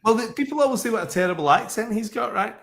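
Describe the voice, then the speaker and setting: A man's voice: sits high, lively intonation, fast, gravelly, crowd noise. A man from Scotland with a Scottish accent, chatting as a podcast guest and telling stories with self-mocking humor. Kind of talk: casual podcast chat.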